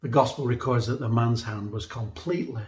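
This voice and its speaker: Earnest preacher in an echoey room. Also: male voice, medium pitch, brisk, darkish tone, slight background noise. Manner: earnest, conversational, repeats words when emphasizing. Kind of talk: sermon.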